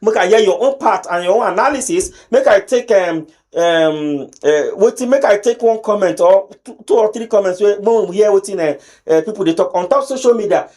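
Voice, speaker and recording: A man's voice: high-pitched, animated, normal speed, a little mellow. A man with a Nigerian accent hosting a pidgin talk show in a studio, chatty and teasing, with many fillers. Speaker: host.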